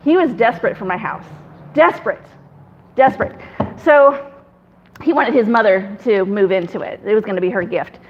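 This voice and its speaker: A woman's voice: mid-range voice, moderate pace, pauses often, breathy edge, dull audio. A woman casually telling a personal story, chatty, acting out other people in quoted dialogue. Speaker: guest telling her faith testimony.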